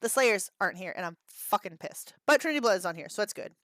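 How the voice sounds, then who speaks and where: A woman's voice: medium pitch, lively intonation, quick pace, a bit bright, no echo. A woman in her thirties hosting a livestream, chatting casually with viewers, laughing often and swearing freely as she reacts to chat. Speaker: livestream host.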